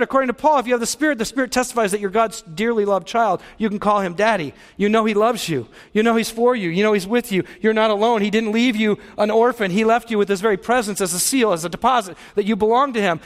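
A man's voice: high-pitched, big-room sound. A male pastor preaching a sermon with passionate, emphatic delivery.

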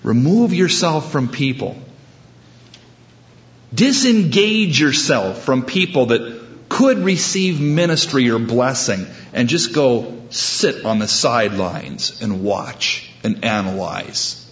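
A man's voice: mid-range voice, big pitch swings, slow pace, dull audio. A man preaching a sermon, storytelling with humorous asides and acting out the people he quotes. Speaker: pastor.

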